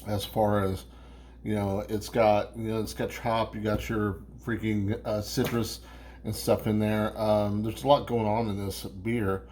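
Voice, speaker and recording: A man's voice: fairly low pitch, flat delivery, unhurried, a little mellow, a little hiss or hum. A man hosting a casual beer review vlog, rambling and swearing, with lots of restarts.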